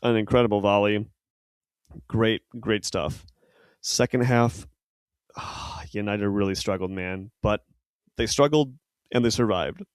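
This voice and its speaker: Male podcast co-host, loose and rambling, slightly low voice. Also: takes it slowly, long pauses, smooth, no echo. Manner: rambling, filler-heavy, self-correcting. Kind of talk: casual football chat.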